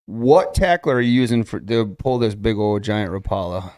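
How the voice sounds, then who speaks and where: A man's voice: fairly low pitch, expressive, normal speed, darkish tone, no room sound, studio quality. A man hosting a casual podcast chat, chatty and full of questions for his co-hosts. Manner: chatty, asks lots of questions. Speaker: podcast host.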